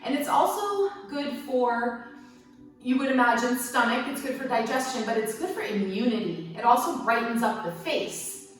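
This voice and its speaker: A woman teaching a guided yoga class in a gentle, playful, encouraging way, with light jokes between the instructions. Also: on the high side, animated, normal speed. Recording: very echoey room, mic at a distance.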